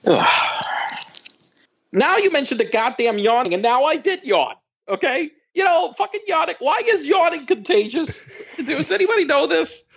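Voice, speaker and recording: A woman's voice: sits high, very animated, normal speed, vocal fry, dull audio. A woman co-hosting a podcast in casual chat, swearing freely and tripping over restarts. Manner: profane, exasperated, stammering restarts. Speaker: podcast co-host. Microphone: remote call line.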